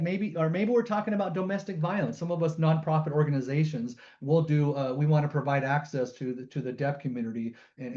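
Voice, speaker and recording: A middle-aged man with a slightly raised voice tells personal stories on a webinar and acts out the quoted lines as he goes. The sound is dull and lo-fi, like compressed webinar audio. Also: on the high side. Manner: animated storytelling, acts out quotes. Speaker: guest storyteller and sign language interpreter.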